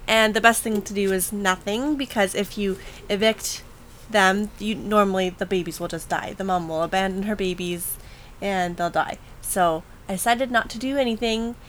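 A woman's voice: mid-range voice, moderate pace, slight background noise. A woman co-hosting a podcast in casual chat, talkative and teasing. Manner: chatty, teasing. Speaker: podcast co-host.

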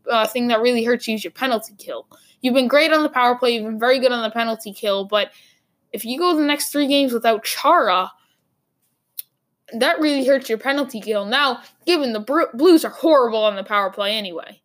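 Higher-voiced woman rambling through sports talk. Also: fairly bright tone. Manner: rambling, thinking aloud with fillers and restarts. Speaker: sports podcast host. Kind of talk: casual sports commentary.

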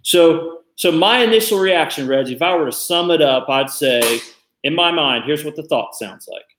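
A man's voice: fairly high pitch, a bit bright. Man talking in an echoey room. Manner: thoughtful, halting, restarts often. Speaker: podcast co-host. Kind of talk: casual discussion.

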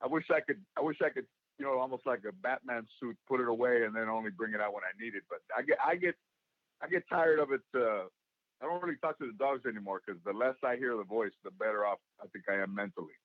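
A man with a gravelly voice, a comedian being interviewed, telling stories and acting out what people said. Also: medium pitch, quick pace, dry recording, narrow, tinny audio. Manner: storytelling, acts out quoted voices. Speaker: guest, comedian and actor. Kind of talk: casual interview talk.

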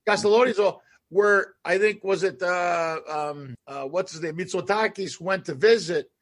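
Host, man from Canada, high husky voice, loose rambling talk. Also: normal speed. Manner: rambling, animated, trails off and restarts. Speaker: podcast host. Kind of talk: casual chat.

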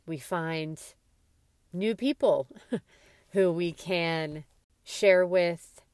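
A woman hosts a podcast and speaks slowly and thoughtfully. Her tone is sincere as she reflects on the people she has met. The recording is dry and close, with no room echo. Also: lowish voice, darkish tone, clear, resonant tone. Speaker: podcast host. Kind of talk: podcast narration.

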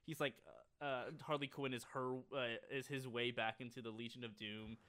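A young man co-hosting a laid-back podcast, talking in loose rambling runs packed with fillers. His voice sits at an ordinary middle pitch for a man, and he breaks into quick laughs as he goes. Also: steady tone, noisy background. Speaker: podcast co-host. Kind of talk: casual chat.

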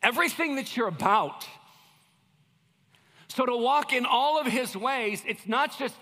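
A male pastor giving a conversational sermon with jokes, moving between loud bursts and quiet asides. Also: very high voice, measured pace, long reverb tail.

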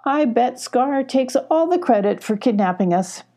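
Woman reading as a plucky little girl, high bright voice, earnest. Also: lively intonation, measured pace. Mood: sly. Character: brave, clever young girl.

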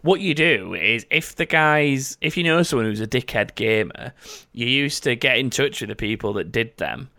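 A man's voice: mid-range voice, lively intonation, moderate pace, few pauses, bright, forceful tone. A man hosting a podcast, reading out listener stories in a rambling, jokey way and swearing freely. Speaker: podcast host.

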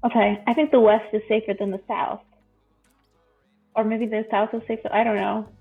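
Gravelly, joking woman player. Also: medium pitch, flat delivery, moderate pace, narrow, tinny audio, faint music behind. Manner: casual, joking. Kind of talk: tabletop role-play chat.

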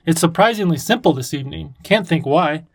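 A man's voice: fairly high pitch, animated, brisk, creaky. A man doing a lisping creature king. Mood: excited. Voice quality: lisp. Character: lovestruck antlered creature king, excitable.

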